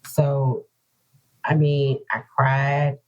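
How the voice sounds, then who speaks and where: A woman speaks earnestly and from the heart, with a husky, mellow voice. She often repeats her points, the way people do when telling their own story. The audio is dull and lo-fi, like a home podcast recording. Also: low voice, steady tone, measured pace. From North Carolina. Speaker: author guest. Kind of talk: emotional personal interview talk.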